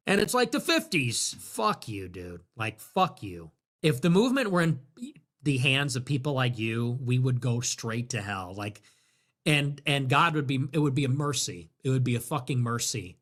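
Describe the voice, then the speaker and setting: Bright-voiced sarcastic male streamer. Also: animated, measured pace. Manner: rambling, sarcastic, laughs often, swears, drops to a low mutter. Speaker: livestream host. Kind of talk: casual livestream commentary.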